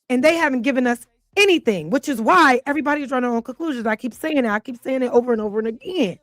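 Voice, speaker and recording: A woman's voice: sits high, fast talker, dry recording, clean studio sound. A woman hosting a casual reaction show, talking in a blunt, profane, heated way. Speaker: host.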